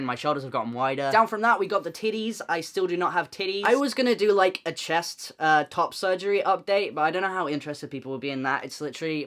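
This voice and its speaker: A man's voice: fairly high pitch, bright, forceful tone. Candid young man chatting to camera. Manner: candid, self-deprecating, chatty. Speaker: vlogger. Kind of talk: casual chat to camera.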